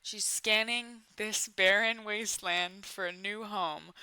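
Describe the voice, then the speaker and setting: A woman's voice: mid-range voice, fairly even intonation, slow pace, music in the background. A woman in her twenties hosting a casual comedy commentary about a bad movie, full of sarcastic, playful asides. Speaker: YouTube commentary host.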